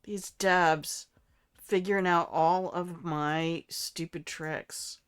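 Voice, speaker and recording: A woman's voice: fairly low pitch, fairly even intonation, takes it slowly, smooth. An older woman giving chatty, playful live-stream commentary while playing a game, joking at her own expense and talking to her viewers. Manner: playful, chatty, self-mocking trash talk; talks to chat and the game character.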